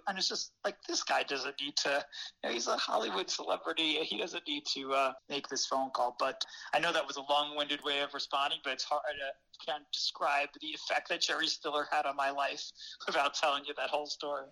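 A man, a former newspaper reporter, telling a story as an interview guest in a lively, laughing way with many fillers. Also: on the high side, fairly quick, vocal fry, low-quality recording. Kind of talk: casual storytelling.

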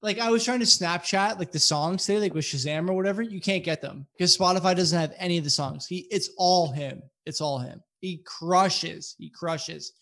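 A man spins a long, rambling anecdote for his friends on a casual podcast, swearing often and piling up asides. His voice sits a little on the high side for a man. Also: a little fast, few pauses. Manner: rambling, profane, animated retelling. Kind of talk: casual storytelling among friends.

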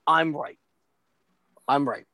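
A man telling a story in casual chat, animated and profane, acting out the voices of the people he quotes. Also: fairly high pitch, slow pace, no room sound.

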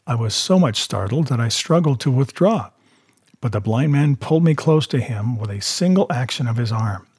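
Husky male storyteller. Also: mid-range voice, expressive, moderate pace, darkish tone, no echo, clean studio sound. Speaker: narrator. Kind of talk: reading a novel aloud.

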